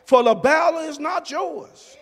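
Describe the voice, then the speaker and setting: Brief: male pastor, sermon delivery, very high voice and slow pace, soft-to-shouting dynamics. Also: expressive, big-room sound, a little hiss or hum. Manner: swings from soft low murmurs to shouted emphasis. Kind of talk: preaching a sermon. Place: church sanctuary.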